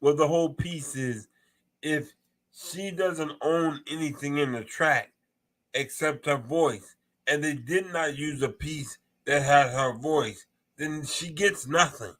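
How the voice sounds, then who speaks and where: Give me a man with a bright, forceful voice explaining things step by step. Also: on the high side, slow pace, rough recording. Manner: explanatory, methodical. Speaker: panelist. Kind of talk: casual chat.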